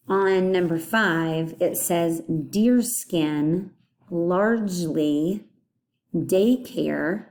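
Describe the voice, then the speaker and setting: A woman's voice: on the low side, mellow. A woman teaching a phonics lesson, patiently breaking words into their parts and explaining what they mean.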